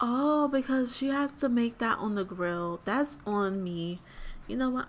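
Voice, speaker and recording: A woman's voice: high-pitched, sing-song, takes it slowly, a bit bright, a little hiss or hum. A young woman hosting a let's play, giving chatty, exclamatory gameplay commentary straight to her viewers.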